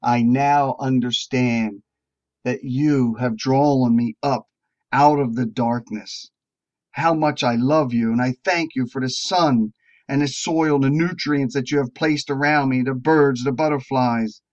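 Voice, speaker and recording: A man voicing a small, grateful male flower who softly and reverently thanks God in a sermon story. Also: mid-range voice, fairly even intonation, unhurried, close to an everyday voice. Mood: awed, grateful. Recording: dull lo-fi recording.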